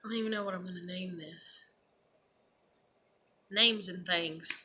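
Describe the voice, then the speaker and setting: A woman's voice: fairly low pitch, a little slow, pushed and bright, a little hiss or hum. A woman talking frankly and casually to her camera in a rambling personal monologue, swearing freely and leaning on "you know" and "I'm like". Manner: frank and profane, rambling with many fillers. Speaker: vlogger.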